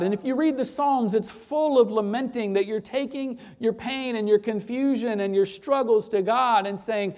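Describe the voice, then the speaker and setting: A man's voice: very high voice, normal speed, hardly any pauses, darkish tone. A male pastor preaching a sermon to his church, emphatic and repeating phrases for effect.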